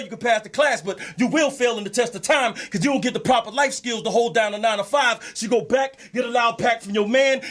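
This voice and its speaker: Guy doing spoken word, quick rhymes, highish voice, slangy and punchy. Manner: rhythmic, rhyming delivery with street slang. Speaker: spoken word poet guest. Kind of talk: spoken word poetry performance.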